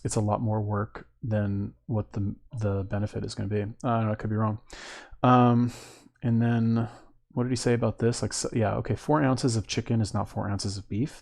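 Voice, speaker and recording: A man's voice: fairly low pitch, vocal fry, a little mellow. A man hosting a reaction video, commenting casually and hesitantly, with lots of ums and trailing thoughts.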